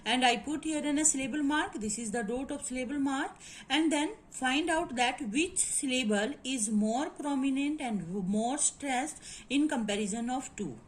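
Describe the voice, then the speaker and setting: A woman teaching word stress in a halting lecture, with many fillers and quick Hindi asides. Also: high-pitched, a little hiss or hum, low-quality recording. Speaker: English literature teacher.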